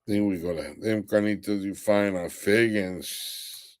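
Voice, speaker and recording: A young man hosting a late-night live stream, worn out and ready for bed. His voice sits a little low as he trades crude, mocking jokes and reads out comments from his viewers. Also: steady tone, unhurried, darkish tone. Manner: crude, mocking trash talk, often laughing. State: tired. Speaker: livestream host. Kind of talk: casual livestream chat.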